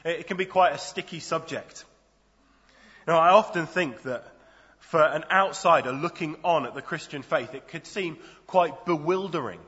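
A man's voice: a little high, normal speed, fairly bright tone. A man preaching a sermon in a conversational, storytelling way. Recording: dull lo-fi sound in a reverberant hall.

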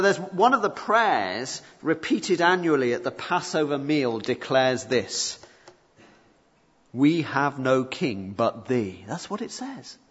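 A man's voice: mid-range voice, slightly rough. Man preaching in an echoing hall. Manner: animated, rising emphasis on key points, rhetorical questions. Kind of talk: expository sermon. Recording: muffled reverberant hall recording.

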